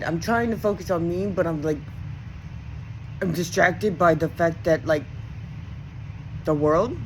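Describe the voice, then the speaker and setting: A woman with a voice on the high side rants to the camera, swearing, rambling and using lots of fillers, her voice spiking when she's indignant. The audio is poor, with a little hiss or hum.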